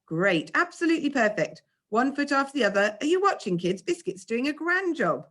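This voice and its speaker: A woman's voice: sits high, big pitch swings, brisk, a bit bright, voice pushed up, exaggerated voice. Patient male climbing instructor, read by a woman, coaxing, reassuring, bouncy lilting voice. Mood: cheerful. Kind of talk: reading a children's novel aloud.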